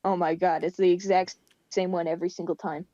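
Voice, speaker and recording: A woman's voice: fairly low pitch, flat delivery, fairly quick, warm tone, no room sound, highs cut off. A young woman co-hosting a casual podcast, chatty and teasing. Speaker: podcast co-host. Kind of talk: casual chat.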